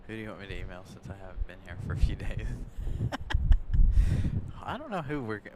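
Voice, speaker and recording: A man's voice: lowish voice, sing-song, normal speed. A man hosting a casual live stream from an airport, chatting and laughing with viewers, recorded on a phone outdoors. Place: outdoors by an airport on a windy day. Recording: loud outdoor wind noise. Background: loud wind and vehicle noise.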